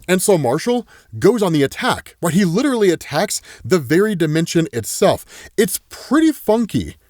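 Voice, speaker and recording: A man narrating a casual comic book recap in an animated, conversational way, often tagging his points with a question. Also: high voice, moderate pace, no echo, studio quality. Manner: animated, conversational, uses 'right?' tags. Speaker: comics YouTuber.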